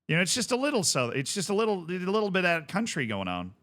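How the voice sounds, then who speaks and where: A male streamer chats through a game in a loose, rambling way, tossing jokey asides to his viewers. His voice sits a touch high and swings widely in pitch. It has a bright, forceful edge. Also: very animated, quick pace, hardly any pauses. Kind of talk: casual gaming stream chat.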